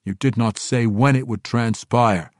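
A man voicing a bold, upstart male dark elf noble who questions others in a pointed, challenging way. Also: medium pitch, fairly even intonation, unhurried, no echo, studio quality, natural voice.

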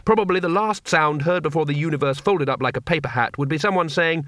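A man reading an audiobook in a wry, expressive narration. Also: a little high, fast talker, no room sound, studio quality. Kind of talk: scripted narration.

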